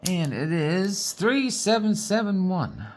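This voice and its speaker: This woman's voice sits on the low side, a little mellow, moving slowly with big swings in pitch. She's a Newfoundlander with a folksy way about her, rambling as she sorts diamond painting supplies and often finishing sentences with "boy".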